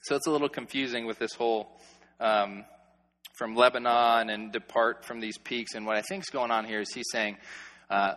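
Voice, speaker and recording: A man gives a casual, animated sermon, joking with his listeners as he walks through Bible verses. His voice is bright and forceful, and it rings out with a long reverb in a large hall. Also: mid-range voice, normal speed. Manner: animated, joking, conversational with filler "like". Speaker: pastor or youth preacher. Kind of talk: sermon, expository Bible teaching.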